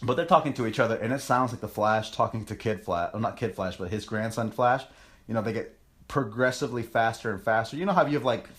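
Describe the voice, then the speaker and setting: A man's voice: fairly low pitch, fast talker, fairly bright tone. A young man hosting a podcast, telling a story in a casual, rambling and profane way with plenty of self-mockery. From United States. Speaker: podcast host.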